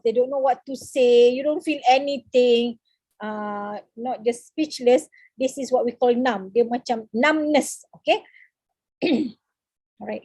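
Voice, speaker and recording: A woman with a Malaysian English accent giving a seminar lecture on counseling over a video call, speaking haltingly with many fillers and slipping in Malay words. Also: on the high side, darkish tone, no room sound.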